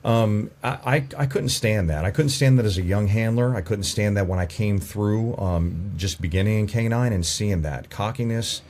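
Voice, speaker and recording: A man's voice: on the low side, moderate pace, hardly any pauses, darkish tone. A man who trains police dogs, a podcast guest telling frank stories with stammering restarts and some swearing. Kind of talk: casual podcast conversation.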